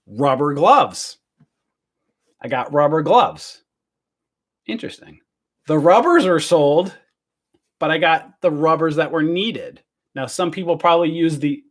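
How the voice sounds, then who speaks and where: A man hosting a casual livestream from home during self-quarantine, joking and tossing rhetorical questions at his viewers. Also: fairly high pitch. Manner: chatty and joking, asks the audience rhetorical questions. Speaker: livestream host. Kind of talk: casual rambling livestream rant.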